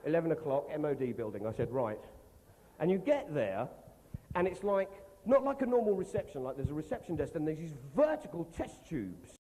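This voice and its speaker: Male stand-up, fairly high and very lively pitch, mellow tone, sweary and mocking, with stage reverb. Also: brisk, a little hiss or hum. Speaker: comedian. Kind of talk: stand-up comedy storytelling. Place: live comedy venue. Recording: reverberant live stage recording.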